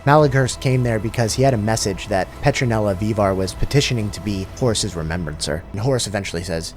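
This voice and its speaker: A man's voice: on the low side, fast, few pauses, slight background noise. A man casually retelling a story, with slangy, profane, joking asides. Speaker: lore channel host. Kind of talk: casual comedic lore summary.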